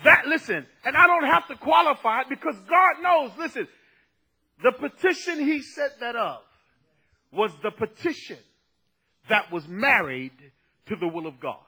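High-voiced emphatic preacher man. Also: sing-song, normal speed, husky. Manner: emphatic, repeats "listen" and "come on", swings from soft to shouting. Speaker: pastor. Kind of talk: sermon.

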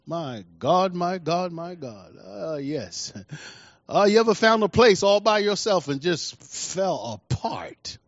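A middle-aged man preaching a sermon, emphatic, repeating key lines and swinging between soft and loud delivery. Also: sits high, sing-song, takes it slowly, no room sound. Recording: dull dry recording.

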